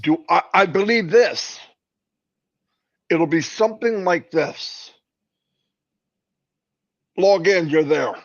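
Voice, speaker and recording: A man's voice: sits high, takes it slowly, pauses often. A man co-hosting a casual live stream, rambling and joking with many fillers and restarts. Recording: dull lo-fi stream audio.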